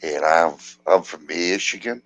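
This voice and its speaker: A man chatting casually, speaking haltingly and repeating his words. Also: deep voice, gravelly, fairly bright tone. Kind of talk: casual chat.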